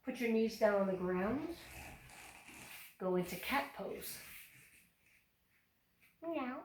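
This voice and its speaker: A woman's voice: mid-range voice, unhurried, slight background noise. A woman leads a yoga class for small children, calling out poses in a cheerful, encouraging way. Her voice comes from across an echoey room, caught by a camera mic some distance away. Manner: cheerful, encouraging step-by-step instructions. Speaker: yoga teacher.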